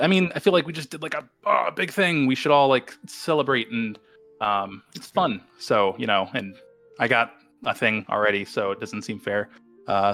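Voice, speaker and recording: A man's voice: on the low side, fairly bright tone. Guy rambling in character at a tabletop game, lots of ums, some music under it. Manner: rambling, halting with fillers. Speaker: player. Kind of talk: in-character tabletop role-play.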